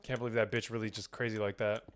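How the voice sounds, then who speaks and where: A man's voice: on the low side, little pitch movement, quick pace, slight background noise. A young man streaming a game, chatting casually and reading chat aloud, rambling and swearing, with keyboard typing behind him.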